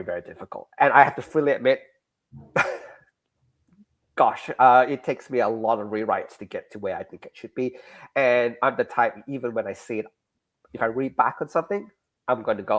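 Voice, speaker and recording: Animated Australian man explaining his writing. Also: mid-range voice, moderate pace. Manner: animated, acts out dialogue examples. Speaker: guest creator. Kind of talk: casual interview chat.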